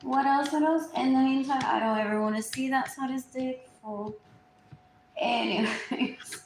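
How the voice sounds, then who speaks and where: A woman talks on a live stream at home, in a somewhat high voice. She rambles, repeats herself and drifts into low murmurs. The room gives her voice a noticeable echo, with a faint hiss behind it. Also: steady tone, measured pace. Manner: repetitive, drifting, often trailing into murmurs. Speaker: livestreamer. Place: indoors at home. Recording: roomy echo.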